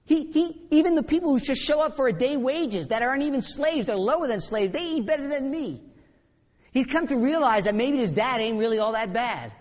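A man preaching a sermon, animated, often repeating words and acting out quotes. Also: very high voice, a little fast. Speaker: pastor. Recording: long reverb in a church hall.

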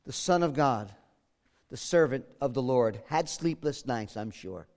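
A man preaching a sermon as pastor, moving between hushed, quiet lines and loud, emphatic ones. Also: mid-range voice, animated, a little slow.

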